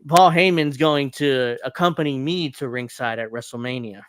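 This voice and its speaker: A man's voice: medium pitch, moderate pace, a bit bright, clean tone, dry recording, clean studio sound. A man hosting a podcast, recapping wrestling events in casual chat and laughing often. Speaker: podcast host.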